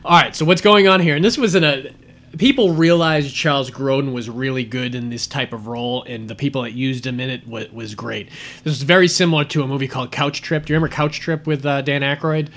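Bright-voiced man chatting animatedly. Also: medium pitch. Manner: animated retelling with quoted movie lines. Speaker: podcast host. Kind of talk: casual chat about movies.

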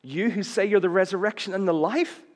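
Preaching fairly quickly in a large hall, a man delivers an impassioned sermon. When he voices quoted cries, he acts them out and his pitch rises.

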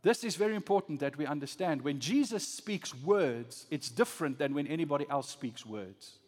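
A pastor preaching a sermon, swinging from loud rising emphasis to low, soft lines. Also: male voice, expressive, moderate pace, big-room sound.

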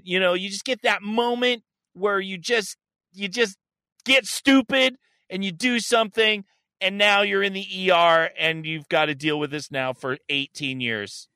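Blunt, slow-talking man with a bright voice. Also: high-pitched, dry recording. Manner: blunt, profane, bursts into loud outcries. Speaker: podcast co-host. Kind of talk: candid casual chat.

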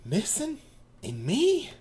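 A woman's voice: a little high, wildly swooping pitch, slow pace, warm tone, pitched above the performer's own voice, exaggerated voice. A woman voicing a pampered middle-aged Southern belle with a put-on Southern accent, sugary and evasive. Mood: puzzled. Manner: sugary, genteel, feigning innocence.

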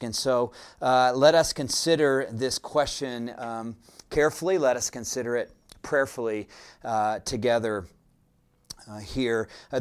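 A man preaching a sermon as pastor, speaking in a deliberate, reflective way with frequent "uh" fillers. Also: medium pitch, clean tone.

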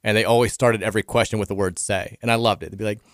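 A man in his thirties with a Kentucky accent, hosting a casual sports radio talk show, chatty and quick with frequent restarts. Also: on the low side, fairly even intonation, dry recording, studio quality.

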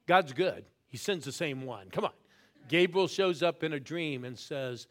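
Animated man preaching to a crowd. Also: fairly high pitch, unhurried. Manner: animated, swings from loud calls to quiet intense asides; urges the crowd to respond. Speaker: guest preacher. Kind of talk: sermon.

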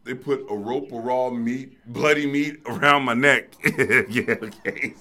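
A middle-aged man telling a story as a guest in casual chat, excitable and halting, acting out voices and sounds. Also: medium pitch.

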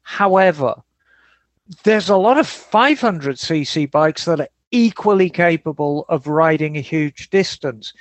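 A man hosting a casual podcast chat, relaxed and rambling, who answers listener emails. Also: on the high side, measured pace, no echo. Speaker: podcast host.

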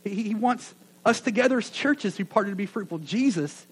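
A man preaching a sermon to a gathering of churches, earnest and full of stammered restarts, rising loud then dropping to a near hush. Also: high-pitched, lively intonation, brisk, breathy edge, rough recording. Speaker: pastor.

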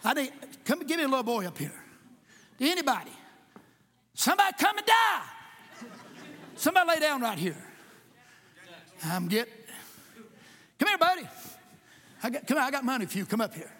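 A man preaching a sermon. He is impassioned, jokes at times and rises to shouts in a church. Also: very high-pitched, big pitch swings, normal speed, long pauses. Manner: impassioned, shouting at peaks, joking asides. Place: church sanctuary with congregation. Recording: echoey church hall.

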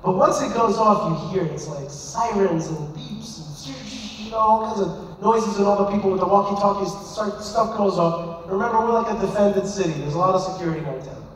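A man's voice: high-pitched, brisk, hardly any pauses, slight background noise. A man, a rabbi, telling an emphatic, impassioned story to a live audience. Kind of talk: storytelling speech. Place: large hall. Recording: echoey hall from far off.

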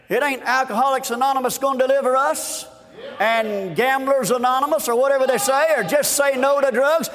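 A man preaching a fervent revival sermon, shouting and repeating his refrains, recorded at a conference. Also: very high-pitched, fairly even intonation, fairly quick, big-room sound. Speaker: guest preacher.

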